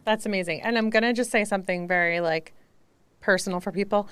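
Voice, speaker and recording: A woman's voice: medium pitch, fast, a bit bright, smooth. A woman co-hosting a podcast, enthusiastic and chatty, saying "y'all". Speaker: podcast co-host. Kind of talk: casual podcast chat.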